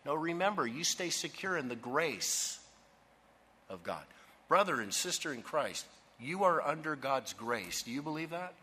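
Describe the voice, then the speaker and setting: A man preaching a sermon with emphasis, pausing to ask the congregation to fill in words. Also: fairly high pitch, very animated, pushed and bright, a little hiss or hum. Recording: long hall reverb.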